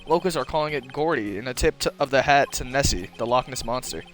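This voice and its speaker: A man reading a male TV news anchor's lines in a measured, announcer-like way. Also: mid-range voice, expressive, fairly bright tone, faint music behind, close to an everyday voice. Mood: formal.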